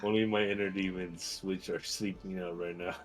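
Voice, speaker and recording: A man's voice: deep voice, flat delivery, normal speed, soft background music. A man playing a tabletop game, bantering with blunt, wry remarks. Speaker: player.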